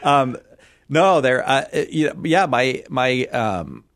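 A man's voice: medium pitch, animated, slow pace, a bit bright, no echo, studio quality. A middle-aged man from California, a radio guest who talks in a rambling, self-deprecating way and laughs easily. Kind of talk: casual interview chat.

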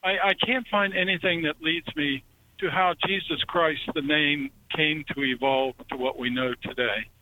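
A man's voice: fairly high pitch, fairly even intonation, moderate pace, phone-quality sound, a little hiss or hum. A man from North Carolina calling in to a radio show, asking an earnest question with hesitant restarts. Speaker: caller. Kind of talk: phone-in question.

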